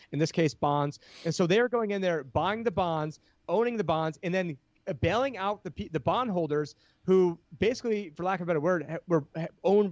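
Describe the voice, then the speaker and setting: A man's voice: a little high, no room sound, highs cut off. A man talking as a podcast guest, explaining finance with heated energy and many restarts. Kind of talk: casual podcast chat.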